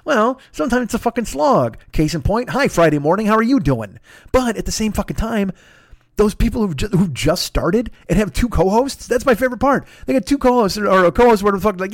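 A man's voice: sits high, lively intonation, brisk, dry recording, clean studio sound. A man hosting his own podcast, ranting in a profane, sarcastic solo comedic monologue. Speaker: podcast host.

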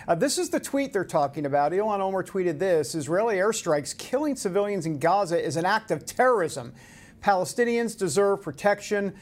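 A male talk show host introducing guests and headlines, prone to excitable, emotional asides. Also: high-pitched. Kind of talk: political talk show hosting.

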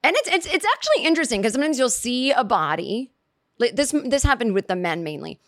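A woman hosting a podcast, telling a comedic story in a rambling, animated way and voicing her own asides. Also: on the high side, quick pace, no room sound, studio quality. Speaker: podcast host. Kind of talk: comedic monologue.

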